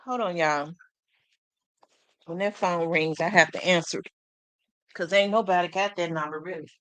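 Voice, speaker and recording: A woman's voice: lowish voice, fairly even intonation, moderate pace, fairly bright tone, no room sound. A woman hosting a casual live commentary, chatty and asking questions aloud as she talks to her viewers. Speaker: host.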